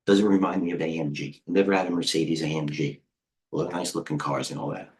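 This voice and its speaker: A middle-aged American man hosting a live trading stream, excitable and rambling, jumping between stocks with quick quips. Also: extremely low pitch. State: out of breath. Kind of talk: live market commentary.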